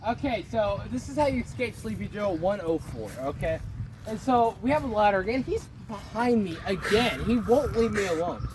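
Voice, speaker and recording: A man's voice: high voice, expressive, moderate pace. A man giving a joking mock tutorial outdoors on a playground, playful and giggly, filmed on a phone. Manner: playful, giggly, over-the-top. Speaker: vlogger. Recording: noisy outdoor phone recording.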